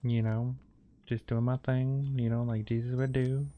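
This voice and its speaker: A man's voice: mid-range voice, little pitch movement, unhurried, phone-quality sound. A man streaming a horror game, joking playfully with his chat as he plays. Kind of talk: live gameplay commentary.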